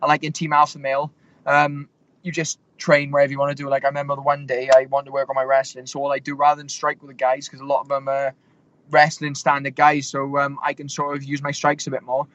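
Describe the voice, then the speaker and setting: A man's voice: mid-range voice, completely flat delivery, quick pace, a bit bright, no echo, muffled recording. A young man in his twenties, a fighter, rambling through stories with lots of fillers and restarts. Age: 20s. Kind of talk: casual interview storytelling.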